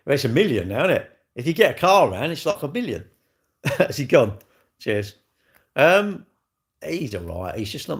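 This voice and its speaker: A man chatting live to his viewers at home, rambling and blunt, swearing freely and swinging from loud jokes to low grumbles. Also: creaky. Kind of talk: casual live-stream chat. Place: at home, moving about near the kitchen. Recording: echoey room.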